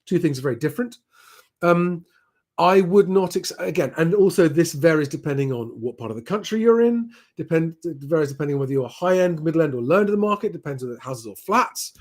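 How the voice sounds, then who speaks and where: A man's voice: fairly high pitch, animated, brisk. A man hosting a live property Q&A, reading out viewer comments and answering them in a chatty, plain-spoken way with frequent ums. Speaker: property advice host.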